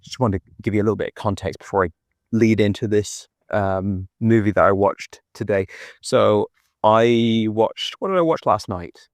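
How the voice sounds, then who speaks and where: A man's voice: on the low side, normal speed, no echo, studio quality. An Irish man chatting and rambling in a phone voice note while walking outdoors. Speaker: podcast co-host. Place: park outdoors at dusk.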